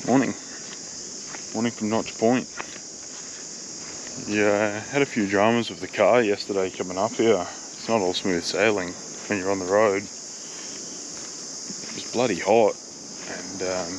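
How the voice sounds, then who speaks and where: Laid-back Australian man with a lowish voice. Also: steady tone, unhurried, pauses often, slight background noise, poor audio. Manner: laid-back, plain-spoken, swears casually. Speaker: travel vlogger. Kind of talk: casual vlog narration.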